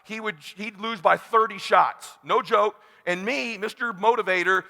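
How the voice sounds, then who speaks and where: A middle-aged man from California giving a motivational talk, blunt and animated, acting out the dialogue as he tells a personal story. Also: high-pitched, measured pace, gravelly. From California, USA. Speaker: keynote speaker. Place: large conference hall. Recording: long hall reverb.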